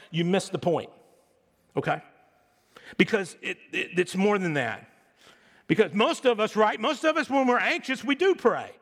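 A man's voice: high voice, expressive, unhurried, fairly bright tone. A middle-aged male pastor preaching a sermon in a loose, conversational way, with joking asides and sarcastic little impressions. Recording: long hall reverb.

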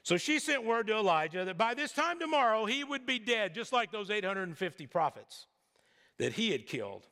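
A man's voice: high voice, big pitch swings, normal speed, sharp tone. A middle-aged man preaching a sermon in a casual storytelling way, with jokes and asides. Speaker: pastor. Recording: long hall reverb.

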